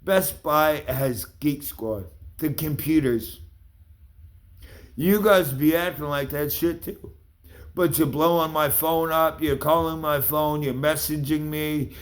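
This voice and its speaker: A man's voice: fairly high pitch, slow. Angry swearing man ranting. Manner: heated, accusing, swears constantly, addresses people directly. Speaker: vlogger. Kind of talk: angry profane rant to camera.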